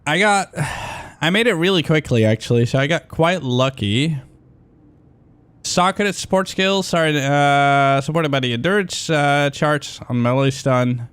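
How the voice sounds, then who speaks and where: A man's voice: a little high, measured pace, smooth. A young man chatting casually on a livestream, rambling and swearing freely. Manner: excitable, swears a lot, rambling.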